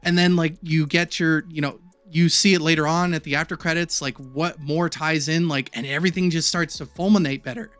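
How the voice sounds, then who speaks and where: A man's voice: fairly high pitch, fairly even intonation, brisk, few pauses, fairly bright tone, faint music behind. Rambling man in casual podcast chat. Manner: rambling, many fillers. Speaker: podcast co-host.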